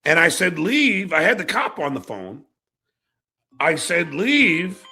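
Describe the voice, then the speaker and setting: A man with a gravelly, husky voice and a bright edge talks hesitantly, thinking aloud in casual, profane chat. His pitch moves a lot as he speaks. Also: big pitch swings, measured pace. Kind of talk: casual crude banter.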